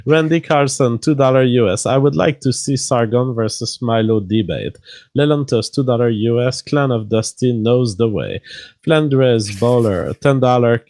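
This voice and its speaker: Male guest on a stream, reads chat messages then gives earnest advice, mid pitch, dry sound. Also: moderate pace, darkish tone, no echo. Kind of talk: casual livestream chat.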